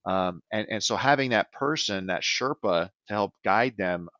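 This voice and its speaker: A man's voice: fairly low pitch, normal speed, pushed and bright, dry recording, lo-fi sound. A man who works as a business transition advisor, answering podcast interview questions in an earnest way and often checking in with "right?".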